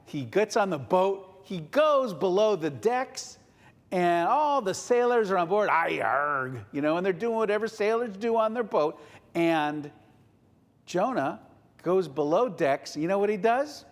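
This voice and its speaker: A man telling a story to children in a playful, animated way at a family service, addressing his listeners directly. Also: high voice, measured pace. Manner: playful, talks directly to the audience. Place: synagogue sanctuary. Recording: long reverb of a large hall.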